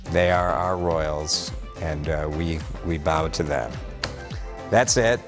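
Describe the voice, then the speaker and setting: A man's voice: rumbling low, slow pace, over music. A man hosting a casual morning news update, chatty and upbeat, reading out viewer comments with joking asides.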